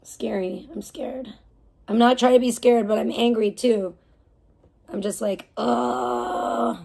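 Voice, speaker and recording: A woman's voice: a little high, steady tone, a little slow, creaky, warm tone. A woman live streamer in a casual, heated rant, swearing often and rambling with restarts. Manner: profane, heated ranting.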